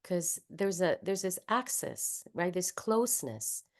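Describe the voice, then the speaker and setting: A woman with a Spanish accent, speaking in a slightly low voice. She leads an online voice workshop over a video call. She explains each point patiently and sounds the consonants and vowels out loud as she goes. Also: big pitch swings, unhurried. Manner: explains patiently, demonstrating speech sounds aloud. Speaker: voice workshop leader.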